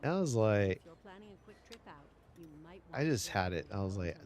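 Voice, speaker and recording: A man's voice: deep voice, expressive, unhurried, pauses often, a little mellow. A man streaming a city-building game, chatting casually and telling a rambling story with many restarts. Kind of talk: casual gameplay chat. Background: faint game music.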